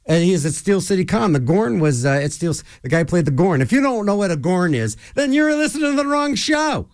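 A man hosts a local radio show, wandering from one tangent to the next. His slightly high voice swoops up and down with lively energy as he rambles. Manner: rambling, digressive, animated storyteller. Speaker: radio host. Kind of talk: rambling casual radio talk.

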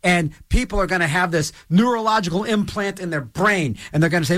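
Rambling high-voiced male host. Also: a little fast, hardly any pauses, fairly bright tone, dry recording, studio quality. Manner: rambling, many restarts and stammers. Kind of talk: rambling solo monologue.

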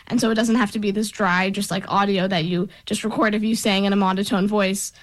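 A woman's voice: medium pitch, steady tone, brisk. A young woman, a radio intern, answering interview questions in a chatty way with many filler words.

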